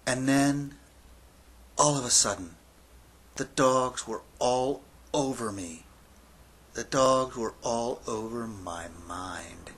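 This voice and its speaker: A man in his fifties telling a personal story aloud, dropping to a near-whisper and rising to yells as it builds. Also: mid-range voice, slow. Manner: dramatic, swings from hushed near-whisper to yelling. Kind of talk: spoken-word storytelling.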